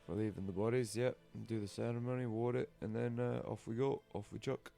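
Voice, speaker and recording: Male player, mellow low voice, blunt and practical. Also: fairly even intonation, brisk, creaky, soft background music. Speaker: tabletop game player. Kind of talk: casual play at the table.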